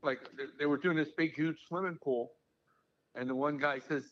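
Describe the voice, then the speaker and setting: Relaxed man telling an anecdote. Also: on the high side, normal speed, highs cut off. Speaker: podcast guest, business owner. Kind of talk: casual chat.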